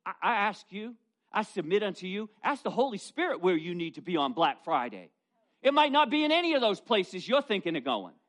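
Man, pastor, sermon, high voice, very lively pitch, storytelling, middle-aged. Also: a little fast. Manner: storytelling, animated, folksy asides. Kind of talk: sermon with personal stories.

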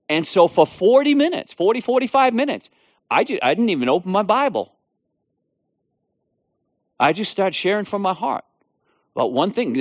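A middle-aged man preaching, telling testimony stories in an animated, conversational way with frequent restarts. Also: fairly high pitch, no room sound, highs cut off. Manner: animated storytelling with laughs and restarts. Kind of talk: sermon with personal testimony.

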